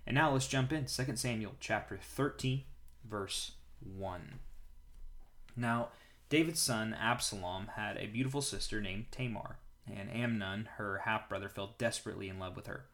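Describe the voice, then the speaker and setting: A man hosting a daily Bible reading, who prays and then reads scripture aloud in a calm, measured way. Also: fairly low pitch.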